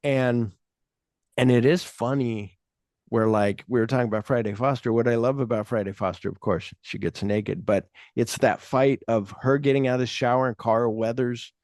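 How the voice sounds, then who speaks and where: A man's voice: mid-range voice, fairly even intonation, normal speed, a little mellow, dry recording. Rambling man chatting about films, dry sound. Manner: rambling, acts out quotes, swears freely. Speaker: podcast host. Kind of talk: casual film chat.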